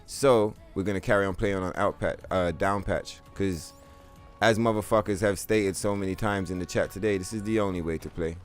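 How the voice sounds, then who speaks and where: A man streaming a video game, chatting casually with his viewers in a profane, animated rant. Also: deep voice, normal speed, faint music behind. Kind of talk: casual live-stream chat.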